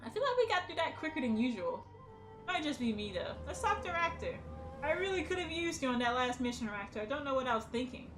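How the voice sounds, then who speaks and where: A woman's voice: sits high, very animated, fast, a bit bright, faint music behind. A woman hosting a let's play, chatting playfully while she plays. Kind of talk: casual gameplay commentary.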